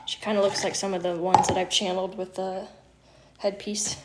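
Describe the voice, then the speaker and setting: A woman's voice: medium pitch, level tone, normal speed, very noisy. Chatty woman cooking on a live stream. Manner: chatty, laughs often, swears casually. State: teary from onions. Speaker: livestream host. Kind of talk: casual live-stream chat while cooking. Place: home kitchen.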